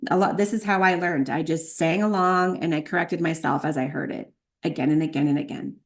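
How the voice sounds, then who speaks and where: A woman teaching a spiritual practice, slowly chanting and repeating sacred sound names, with light laughs at her own slips. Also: sits low, fairly even intonation. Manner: chants tone names slowly, then explains briskly. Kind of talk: chanting lesson.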